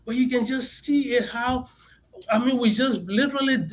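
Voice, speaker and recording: On a low-quality recording, a talk-show guest advocate with a Liberian accent speaks in an extremely high-pitched voice at a moderate pace. He's emphatic and impassioned, frequently repeating words as he hunts for the right ones.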